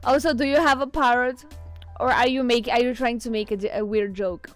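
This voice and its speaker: On a casual stream, a woman with a non-native English accent chats with viewers, reading their messages aloud and often giggling. Her fairly high voice is steady in tone and a little fast, with faint music in the background.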